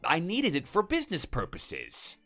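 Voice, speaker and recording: A computer voice voicing a hot-tempered husband who is dismissive and menacing. The pitch swings very widely, and faint music plays behind the voice. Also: male voice, huge pitch swings, moderate pace, fairly bright tone, full character voice. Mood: angry, dismissive. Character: hot-tempered threatening husband, adult man. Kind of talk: text-to-speech story voice.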